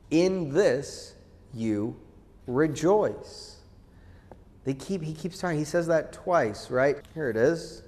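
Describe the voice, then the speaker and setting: A man preaching a conversational sermon as pastor, asking questions and acting out quotes in a casual way. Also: medium pitch. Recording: long hall reverb.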